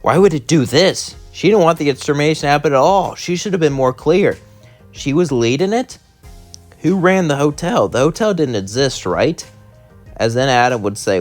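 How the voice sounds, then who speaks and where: A man's voice: medium pitch, animated, brisk. Male narrator, casual and rambling fan storytelling, light music underneath. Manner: casual, loose, keeps saying "would say".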